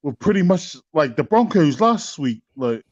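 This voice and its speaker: A man's voice: a little high, sing-song, normal speed, a little mellow, no echo, muffled recording. Laid-back New Zealand man on a call. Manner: laid-back, hesitant with fillers. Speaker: caller. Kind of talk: casual chat.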